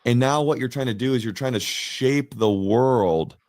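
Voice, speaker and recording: A man's voice: mid-range voice, normal speed, darkish tone, no echo, clean studio sound. A man in a played clip giving opinion commentary in an earnest, lecturing way.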